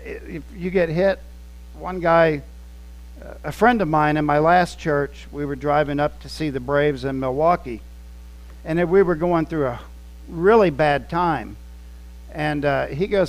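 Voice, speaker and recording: A male pastor with a fairly high-pitched voice delivers a sermon as relaxed, conversational storytelling. He acts out the scenes he describes as he talks. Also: unhurried, rough recording. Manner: conversational, anecdotal, acting out scenes.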